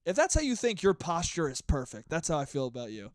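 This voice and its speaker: Quick and fairly high-pitched, the young host tears through a casual solo podcast monologue. He's in his twenties, and his rant is animated, profane, and wandering, with studio quality and no room sound.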